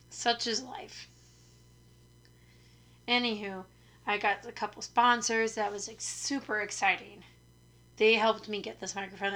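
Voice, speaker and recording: Hoarse from being sick, the young woman hosting this podcast still sounds bright and forward at an everyday middle pitch as she tries out a new studio microphone. She chats casually, rambles, and teases herself throughout.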